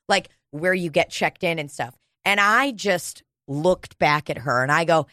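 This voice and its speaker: A woman's voice: lowish voice, lively intonation, moderate pace, few pauses, fairly bright tone, no room sound. Woman co-host, casual chat, blunt and sweary, dry close sound. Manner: candid, profane storytelling.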